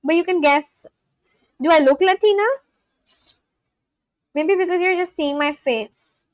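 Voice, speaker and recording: A woman livestreaming in a casual chat, gushing excitedly and talking straight to her viewers. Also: extremely high pitch, unhurried, dry recording.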